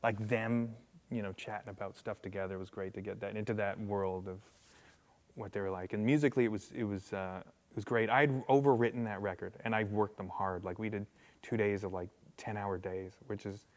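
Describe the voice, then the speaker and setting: Man telling stories with a low voice. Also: brisk. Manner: animated, acts out voices in anecdotes, many fillers. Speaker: guest musician. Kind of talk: casual storytelling interview.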